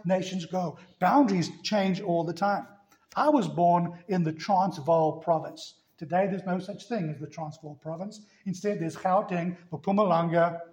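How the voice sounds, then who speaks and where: A middle-aged South African man preaches a storytelling sermon, tossing out rhetorical questions. His fairly high voice rings around a roomy church sanctuary. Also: a little mellow. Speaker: pastor.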